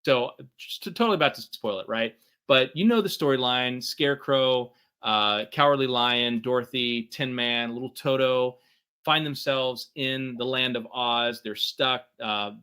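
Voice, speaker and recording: A man's voice: mid-range voice, measured pace, pushed and bright, clean tone. A middle-aged man co-hosting a workshop talk, conversational, with lots of fillers and "right?" checks. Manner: conversational, many fillers and tag questions. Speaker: podcast co-host.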